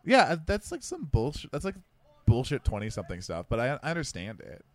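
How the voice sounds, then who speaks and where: A young adult man co-hosting a podcast, talking through a film in rambling, self-deprecating casual commentary, quick and slurred, restarting his sentences. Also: medium pitch, huge pitch swings. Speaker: podcast co-host. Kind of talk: casual movie-watching commentary.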